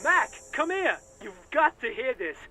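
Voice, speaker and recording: Casting: squeaky, bright, taunting game cop, pitch leaping all over. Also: male voice, big pitch swings, measured pace, soft background music, heavily acted. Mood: mocking. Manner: jeering, mocking. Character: mocking male police officer, prankish.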